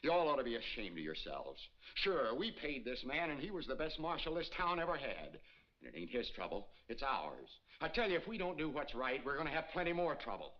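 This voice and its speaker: A man's voice: medium pitch, sing-song, brisk. An indignant plain-spoken townsman. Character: indignant townsman scolding his neighbors. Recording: dull old film soundtrack.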